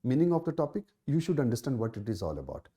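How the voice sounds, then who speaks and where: Indian English male exam tutor, live Q&A, lively pitch, mellow tone, repeats key points. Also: fast talker. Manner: emphatic, repeats key phrases, many fillers. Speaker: exam coaching teacher. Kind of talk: live Q&A session answering student questions.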